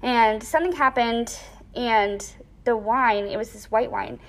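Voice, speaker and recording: Young woman, kinda high voice, chatty storyteller, says like a lot. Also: a little slow. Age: young adult. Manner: animated storyteller, acts out quoted voices; frequent "like" fillers. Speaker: interviewee. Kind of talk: casual storytelling interview.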